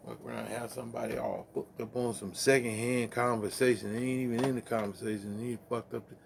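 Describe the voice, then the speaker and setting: A man's voice: mid-range voice, steady tone, fast talker, vocal fry, slight background noise. A man hosting a late-night music stream, rambling in profane, laughing, casual chat between songs.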